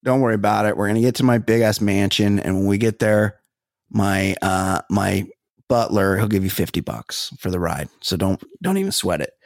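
A smug rich man with a lowered, assured drawl, boastful and entitled, as a podcaster puts him on. His voice drops well below its usual pitch, and the room is dry. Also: moderate pace, vocal fry, no room sound.

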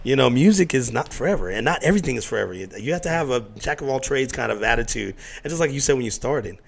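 A middle-aged man talks quickly in a loose, casual chat, jumping into other people's voices as he tells stories. His voice has a gravelly, fry-heavy texture, and he swears freely. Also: mid-range voice. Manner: animated storyteller who acts out quotes, swears freely. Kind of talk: casual conversation.

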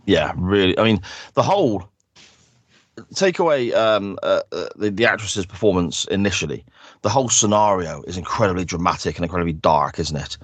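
A low-voiced man talking casually on a podcast, recapping the story with tag questions and fillers. The sound is dry and close, with no room around it. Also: lively intonation, fairly quick, breathy edge, dry recording. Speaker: podcast co-host. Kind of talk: casual chat.

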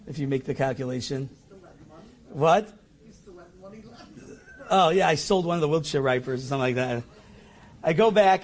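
Middle-aged guy telling a story on himself, kinda high voice, animated, pokes fun at himself. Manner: animated and self-mocking, acts out his own lines. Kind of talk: personal anecdote told to an audience.

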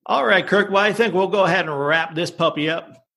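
A man's voice: sits high, fairly quick, gravelly, bright, forceful tone. A man hosting a podcast, talking casually with wry jokes and reading out sources. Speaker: podcast host.

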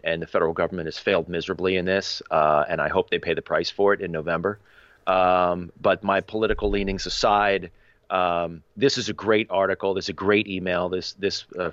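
A man's voice: sits low, level tone, brisk, fairly bright tone, dry recording. A man co-hosting a podcast, giving earnest opinions in casual talk with many fillers. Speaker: podcast co-host. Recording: dull, dry sound.

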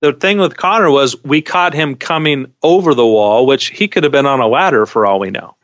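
A man's voice: medium pitch, fairly bright tone. Wry podcast co-host man, dull sound. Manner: measured, wry, with frequent restarts. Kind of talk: casual chat.

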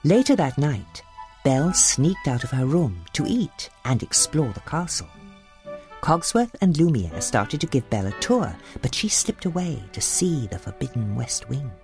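A woman reading a children's storybook aloud with expressive delivery, faint music behind. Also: extremely low pitch, a little slow. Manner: expressive, animated.

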